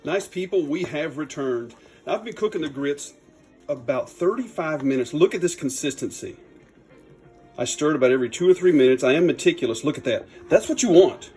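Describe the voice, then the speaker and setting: A man, chatting in a folksy, upbeat way while demonstrating a recipe in his home kitchen. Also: medium pitch. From Louisiana. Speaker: cooking channel host. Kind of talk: casual cooking demo.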